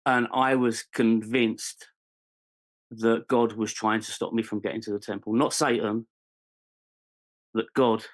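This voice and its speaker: A British man from England in his forties, appearing as a podcast guest, tells his life story candidly with frequent ums and restarts, sounding earnest and searching. His voice is fairly low and level, and he speaks unhurriedly with long pauses.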